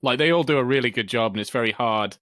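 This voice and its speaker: Man, mid-pitched, casual podcast talk, hesitant and agreeable, dry close mic. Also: fast, fairly bright tone, dry recording. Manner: hesitant, agreeable, lots of fillers and yeahs. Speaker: podcast co-host. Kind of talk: casual film review chat.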